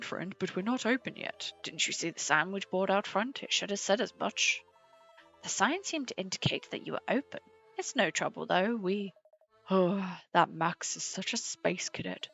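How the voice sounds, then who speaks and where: Brief: woman reading a flustered British cafe owner, low-ish voice, muffled sound. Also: a bit bright. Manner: reads game dialogue aloud plainly. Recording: slightly dull sound with faint game music.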